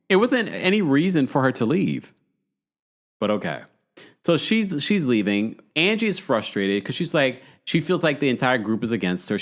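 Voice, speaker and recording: A man hosting a podcast, recapping a reality show in casual, gossipy chat and acting out what the cast said. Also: lowish voice. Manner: animated, gossipy, acts out quotes. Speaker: podcast host.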